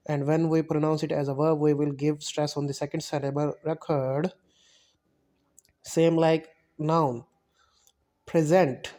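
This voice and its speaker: A man teaching a spoken English lecture over slides, halting and often correcting himself as he explains. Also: on the high side, little pitch movement, mellow. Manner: halting, self-correcting, repeats words while explaining.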